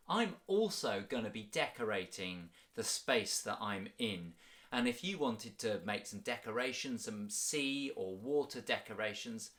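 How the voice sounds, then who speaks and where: A man leading a children's music workshop, energetic and encouraging, in an upbeat sing-song way. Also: mid-range voice.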